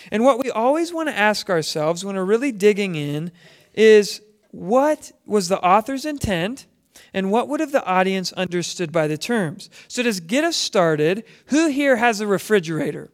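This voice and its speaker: A man's voice: high voice, very animated, normal speed. A man teaching a Bible lesson as a conversational sermon, asking his listeners questions as he goes. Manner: conversational, asks the audience questions. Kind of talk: sermon to a congregation.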